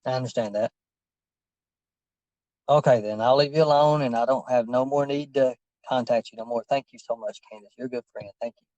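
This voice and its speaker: A man's voice: mid-range voice, fairly even intonation, brisk, darkish tone, no room sound, muffled recording. Insistent, preachy man pressing hard. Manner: insistent, preachy, repeats himself. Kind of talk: heated confrontation over a call.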